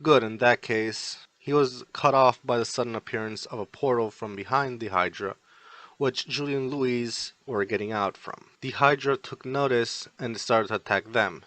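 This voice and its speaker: A man's voice: mid-range voice, normal speed, a bit bright, no room sound. Man reading a fan story aloud. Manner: plain storytelling, repeated "he would say". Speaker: fan fiction reader.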